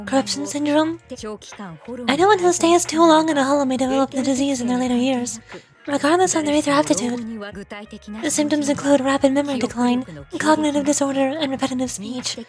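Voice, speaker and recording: Calm analytical manager, voiced by a woman reader, high voice, measured delivery, music bed. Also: lightly acted. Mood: explaining. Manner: measured, explanatory. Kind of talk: reading game dialogue aloud. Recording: game music behind the voice.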